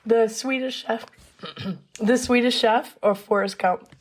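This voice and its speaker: A woman's voice: a little high, steady tone. Woman with a cold hosting a game. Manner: laid-back, asks the game questions with pauses. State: has a cold. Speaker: recurring game segment host. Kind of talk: casual podcast chat.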